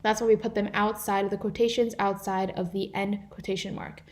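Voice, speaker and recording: A woman's voice: mid-range voice, level tone, a little fast, a little mellow. A teenage girl volunteering as a tutor, explaining grammar examples from slides in a live online class, with a few fillers and restarts. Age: teens.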